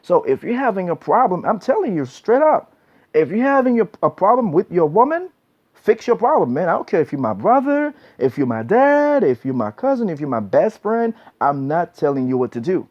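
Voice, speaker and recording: A man's voice: sits high, sing-song, normal speed, a little mellow. A man giving blunt relationship advice in a casual monologue, preachy and repetitive, often tagging lines with "man". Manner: blunt, preachy, repeats himself, says "man" a lot. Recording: dull lo-fi recording.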